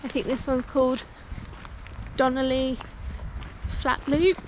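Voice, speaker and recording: A woman's voice: high-pitched, steady tone, slow pace. A woman, chatting casually and rambling with plenty of fillers as a travel vlogger. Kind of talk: casual vlog narration. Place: outdoors on walks and in a car. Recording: muffled camera audio with loud background noise.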